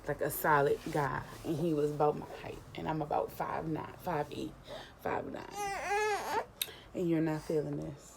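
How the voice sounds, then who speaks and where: A young woman vlogger casually retelling a personal story, animated and emotional, acting out the dialogue. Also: low-pitched, moderate pace, vocal fry, few pauses, noisy background.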